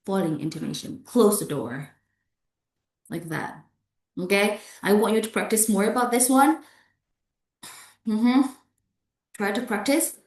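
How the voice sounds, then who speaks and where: A woman's voice: mid-range voice, a little slow, pauses often. A woman giving a pronunciation lesson as an English lecturer. She repeats example phrases and checks in with "yeah?". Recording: echoey room.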